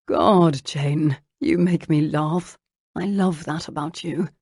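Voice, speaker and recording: A teasing young aristocrat speaks low and close in a murmuring, slightly husky tone, as a woman narrator plays him. His voice is dark and a little gravelly, recorded dry with no room sound. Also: steady tone, takes it slowly, dry recording, exaggerated voice. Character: charming young nobleman, teasing lover. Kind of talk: audiobook character voicing.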